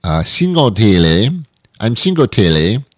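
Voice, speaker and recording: A man's voice: sing-song, a little slow, dry recording, clean studio sound. A man voicing a crude, shady ride-share driver, his voice raised above his own. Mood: sleazy casual. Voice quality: put-on foreign accent, higher voice.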